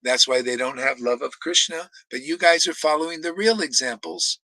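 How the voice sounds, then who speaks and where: A man's voice: on the high side, moderate pace, pushed and bright, no echo, poor audio. A man preaching a blunt, combative sermon, swearing for emphasis and laughing between remarks. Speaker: spiritual teacher. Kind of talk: ranting sermon.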